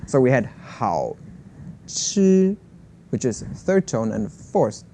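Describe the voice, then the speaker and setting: Guy, slow and mellow, careful explainer, faint rumble. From Germany. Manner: calm, careful, repeats and explains words. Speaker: co-host and language learner. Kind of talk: casual lesson chat.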